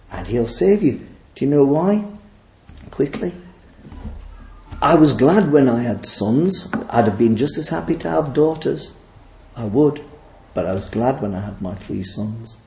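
A man's voice: medium pitch, mellow, reverberant, poor audio. A man preaching a sermon, emphatic and pleading in his appeals.

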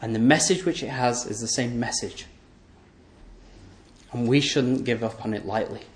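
A man preaching a sermon, emphatic and repetitive, asking rhetorical questions and letting his voice sink low and quiet at the ends of phrases. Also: steady tone, normal speed, reverberant. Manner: voice often drops low and soft at the end of phrases.

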